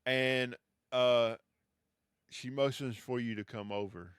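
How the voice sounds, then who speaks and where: Slow, easygoing man narrating as game master. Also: medium pitch, steady tone, fairly bright tone, clear, resonant tone, no room sound, studio quality.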